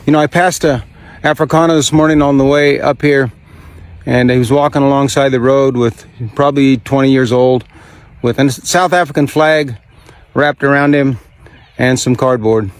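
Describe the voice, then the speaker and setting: A man's voice: medium pitch, clear, resonant tone. A man from the United States, a songwriter, delivering an impassioned, profane rant with repeated rhetorical questions outdoors on a farm.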